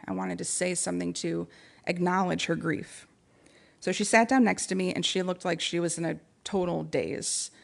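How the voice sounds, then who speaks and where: Woman speaker with a gravelly voice. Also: lowish voice. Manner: earnest, reflective storytelling. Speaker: guest speaker. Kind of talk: personal talk to a spiritual community.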